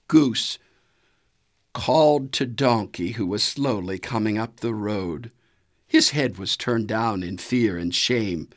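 A man reading a children's story aloud in an expressive storytelling manner. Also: on the low side, slow pace. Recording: soft music underneath. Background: faint music.

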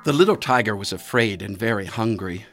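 A storyteller reading a children's animal fable in an animated, expressive way, with dramatic pauses. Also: mid-range voice, over music.

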